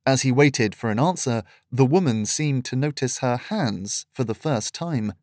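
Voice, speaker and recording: A man reading a fantasy story aloud in steady, measured scripted narration. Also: mid-range voice, no echo, studio quality.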